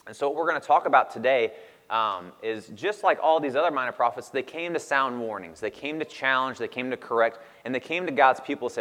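A man's voice: mid-range voice, brisk, fairly bright tone. A man in his thirties preaching a sermon in a casual, conversational way with frequent laughs. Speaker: pastor. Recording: long reverb of a hall.

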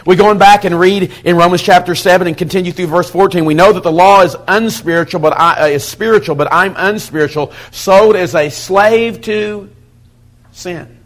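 A middle-aged man preaching to a men's Bible study in a conversational style, swinging from loud emphasis to quiet, intense asides. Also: high-pitched, moderate pace. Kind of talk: sermon.

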